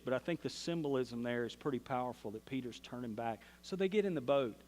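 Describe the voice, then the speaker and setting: A man with a Southern US accent preaching a sermon, telling a Bible story in a folksy way. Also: a little high. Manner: folksy storytelling, acts out quoted voices. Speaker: pastor. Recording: long hall reverb.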